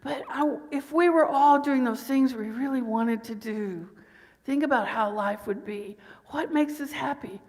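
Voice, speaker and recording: A woman's voice: high voice, measured pace. A middle-aged woman minister giving a conversational sermon, asking her congregation one question after another. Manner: warm conversational preaching with rhetorical questions. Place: church sanctuary. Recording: long hall reverb.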